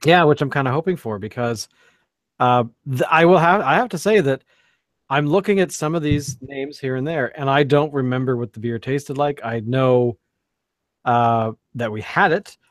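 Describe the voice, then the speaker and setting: A man's voice: medium pitch, normal speed, no room sound. A man co-hosting a casual beer podcast, rambling with many fillers and restarts. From Canada. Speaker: podcast co-host. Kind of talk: casual chat.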